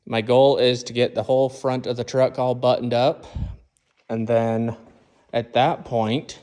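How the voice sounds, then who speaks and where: With a medium-pitched, dark voice, level tone, and measured pace, a man explains his truck build in his garage. Filming it himself as a casual how-to vlog, he covers each step plainly in shop talk and calls the engine "she."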